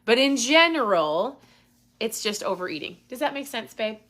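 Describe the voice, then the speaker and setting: A woman's voice: on the high side, sing-song, moderate pace, a bit bright. A woman hosting a casual live Q&A, talking with intensity and getting worked up. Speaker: host.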